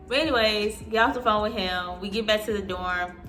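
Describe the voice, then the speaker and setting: A young woman in her twenties telling an animated storytime, acting out what people said. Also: medium pitch, fairly quick. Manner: animated, acting out quotes in voices. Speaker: vlogger. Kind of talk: storytime vlog. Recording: echoey room with soft music. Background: soft background music.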